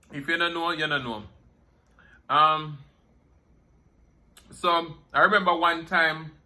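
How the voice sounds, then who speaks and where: A man's voice: fairly high pitch, bright, forceful tone. A young man with a Jamaican accent, chatting casually and telling stories while eating, laughing often and slipping into Patois. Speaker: food vlogger. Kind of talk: casual storytelling mukbang chat.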